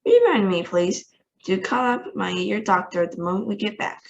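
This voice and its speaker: A woman reading a storybook aloud, voicing an eccentric, excitable male chocolatier in a bouncy, theatrical way. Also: medium pitch, moderate pace, gravelly, lo-fi sound, slight background noise. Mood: excited.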